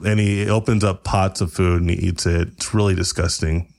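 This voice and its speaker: A man hosting a podcast, improvising a comedy story with rambling asides and laughter, often jumping into high character voices. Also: steady tone, moderate pace, gravelly, a little mellow. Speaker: podcast host.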